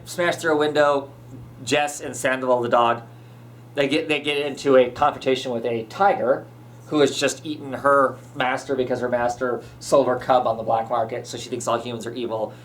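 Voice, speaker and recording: A man's voice: medium pitch, fairly even intonation, moderate pace, fairly bright tone. A man hosting a podcast, chatting casually as he recaps a comic, full of fillers and restarts. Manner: rambling, many fillers and restarts. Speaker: podcast host.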